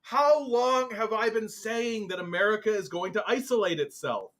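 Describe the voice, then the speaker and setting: Animated, swearing male commentator. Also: high voice, normal speed. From Canada. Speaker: political commentary host. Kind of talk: reacting to a news article read aloud.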